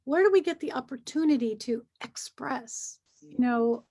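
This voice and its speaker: A woman's voice: high-pitched, normal speed. A middle-aged woman speaking as a guest in a casual conversation, explaining feelings earnestly and acting out what people say to themselves. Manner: earnest, animated, acts out feelings while explaining. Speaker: guest, hypnosis practitioner.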